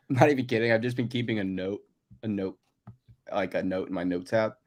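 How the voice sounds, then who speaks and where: A man co-hosting a movie podcast in casual chat, talkative and quick to laugh. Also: lowish voice, darkish tone. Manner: chatty, laughs easily, many "like" fillers. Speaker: podcast co-host.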